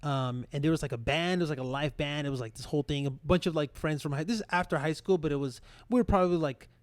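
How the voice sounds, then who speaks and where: A young man in his twenties co-hosting a podcast, telling an embarrassing story in a rambling, animated way full of fillers and restarts. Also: on the high side, quick pace, dry recording. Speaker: podcast co-host. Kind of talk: casual storytelling.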